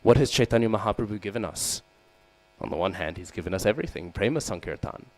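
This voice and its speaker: Lively and fast, his voice a little mellow, a man leads a scripture class in a temple hall. He regularly asks his audience "hmm?" and "right?" and acts out quotes in a raised voice. A low mains hum underlies the rough recording.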